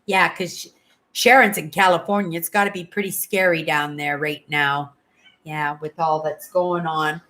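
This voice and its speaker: A woman's voice: low voice, steady tone, moderate pace, a bit bright. A woman in her sixties from Canada, hosting a casual livestream and chatting with viewers in a rambling way, often adding "right?" to what she says. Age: 60s. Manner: chatty, rambling, tags "right?" after most sentences. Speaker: livestream host. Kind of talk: casual chat with live viewers.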